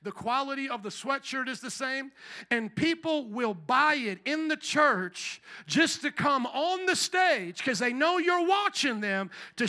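A man preaching a sermon to his congregation, impassioned, swinging between quiet reflection and shouted calls. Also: very high-pitched. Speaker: pastor.

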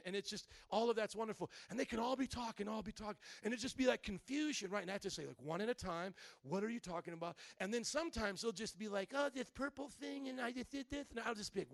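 A man in his thirties preaching a sermon, joking with the congregation and then slowing into soft, calm reading. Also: high voice, no room sound, clean studio sound. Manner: animated, jokey preaching that drops to a slow soft voice. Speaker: pastor.

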